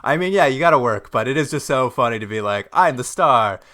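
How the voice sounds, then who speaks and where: A man co-hosting a podcast, recapping a TV episode in casual chat, animated and quick to laugh. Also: medium pitch. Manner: animated, laughs often, jumps into mock quotes. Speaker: podcast co-host.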